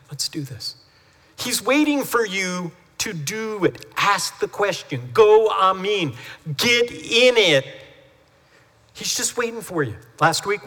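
Bright-voiced pastor in a reverberant hall. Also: male voice, high-pitched. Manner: chatty storytelling with lively acted-out quotes. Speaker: family pastor. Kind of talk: sermon. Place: church sanctuary. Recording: long hall reverb from a church sanctuary.

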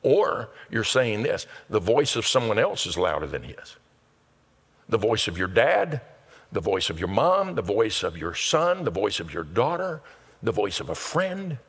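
A male pastor delivering a sermon in an earnest preaching manner that builds to loud, emphatic peaks. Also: on the low side, big pitch swings, a little slow, breathy edge. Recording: long reverb of a large hall.

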